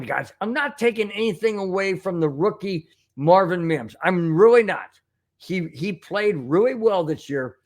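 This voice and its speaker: A man with a high voice that swoops all over as he hosts a fan sports show. He rants emphatically, repeating his points with exasperated force. His talk is a spontaneous monologue to his viewers. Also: fairly bright tone.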